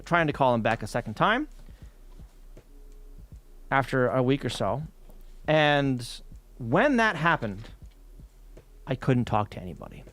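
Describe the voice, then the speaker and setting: A man streaming while scanning old workbooks, ranting about a utility bill in casual, heavily profane chat. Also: fairly high pitch.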